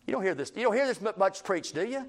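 A man pastor preaching a sermon, jumping between loud, high outbursts and quiet, low asides, acting out the voices of people he quotes. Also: very animated, fast. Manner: acts out quoted voices of sinners.

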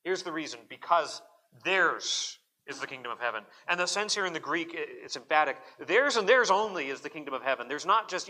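Bright-voiced man preaching a sermon. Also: a little high, animated. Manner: earnest, emphatic, with quick repeated words. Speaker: pastor.

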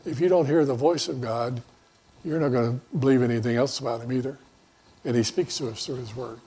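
A man's voice: mid-range voice, lively intonation, brisk, mellow, husky. A man pastor preaching a conversational sermon in a folksy, rambling way, with many fillers and restarts.

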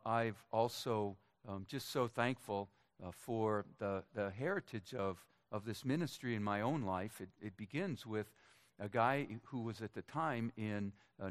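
A middle-aged man from Minnesota giving a personal testimony to a church congregation, in a conversational, halting way with light jokes. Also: on the low side, clean tone. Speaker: church speaker.

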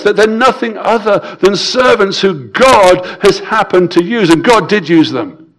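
A man preaching a sermon in a somewhat high voice. He presses his points with repetition, rising loud on key words and sinking quiet at line ends, and stumbles into restarts now and then. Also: normal speed. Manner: emphatic, repeats key phrases, swings between loud and quiet; stammers and restarts.

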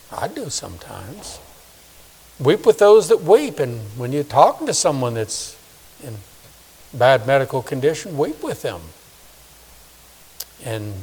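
A man in his sixties preaching a sermon, swinging from loud emphasis to hushed, soft asides. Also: fairly high pitch, slightly rough. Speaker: pastor. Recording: long reverb of a large hall.

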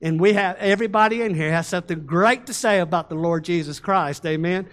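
A man preaching a sermon to his congregation, reading scripture and leading call-and-response, slowing down and getting louder on key words. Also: sits high. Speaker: pastor.

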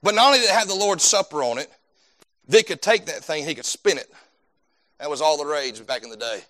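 A man's voice: fairly high pitch, lively intonation, brisk, sharp tone. A male preacher delivering a sermon with fervent, repetitive emphasis. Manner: fervent, repeats words while building points.

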